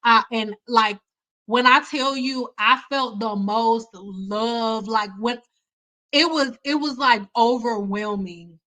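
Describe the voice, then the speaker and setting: A young woman from Detroit rambles through personal stories on a casual livestream. Her voice is bright and slightly high, and she leaps up in pitch whenever she mimics someone. She talks in quick, looping, animated bursts. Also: low-quality recording. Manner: animated, chatty, acts out quoted people with big pitch jumps. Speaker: hair care livestream host.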